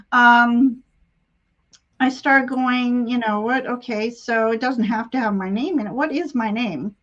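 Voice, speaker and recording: A woman's voice: a little high, a bit bright, dull audio. A woman hosting a live spiritual chat, telling a personal story in a rambling, emotional way with frequent laughs, heard over a video call. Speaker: tarot reader and channel host. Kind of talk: casual live-stream chat.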